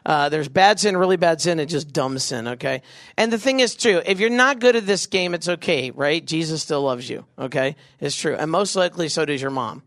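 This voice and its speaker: A young man leading a big youth crowd through a game, joking and doing quick silly voices. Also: fairly high pitch, fairly bright tone, no echo, clean studio sound. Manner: goofy, quick asides, acts out voices. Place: event venue with a live audience.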